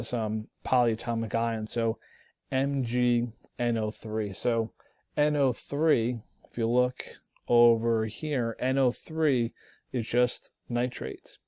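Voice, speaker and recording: A relaxed man walks through a chemistry lesson, often pausing with ums and starting lines over. His voice is mellow and dark. It is recorded close up and dry, with no room sound. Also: mid-range voice, clear, resonant tone, no room sound. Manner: relaxed, thinking aloud with many ums and restarts. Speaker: chemistry teacher.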